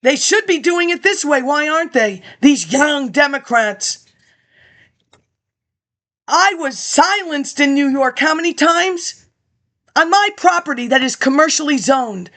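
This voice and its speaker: High-voiced woman, rambling monologue, sarcastic asides, reads papers aloud. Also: lively intonation, measured pace, fairly bright tone. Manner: rambling, jumps between topics, sarcastic asides.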